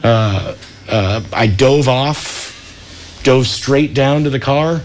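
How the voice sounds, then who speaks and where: A man's voice: mid-range voice, drawn-out words, a little hiss or hum. A man in his thirties from California, telling a story as a guest on a radio talk show in a laid-back surfer way, full of dude and like. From Santa Cruz, California. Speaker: radio show guest, wetsuit company founder.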